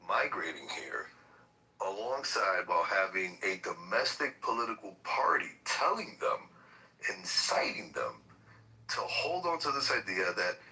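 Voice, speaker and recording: A male podcast host rants with heat and swears for emphasis, his lower voice swinging widely in pitch. The tone is very bright and forward. He sits back from the mic, so he sounds a little distant. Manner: heated, profane, emphatic. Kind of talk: political talk rant.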